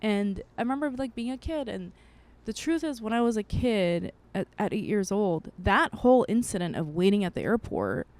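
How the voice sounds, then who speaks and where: A woman's voice: medium pitch, expressive, normal speed, a little mellow, no echo. A woman podcast co-host in her thirties, telling a personal story in a candid way, swearing freely and acting out what people said. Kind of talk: casual chat, personal storytelling.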